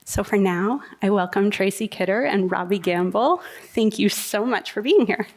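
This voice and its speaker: A woman introducing the speakers at a festival event, announcing plainly with a friendly tone and brief filler pauses. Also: medium pitch, a little hiss or hum. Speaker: event host from a local organization. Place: festival venue. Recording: long hall reverb.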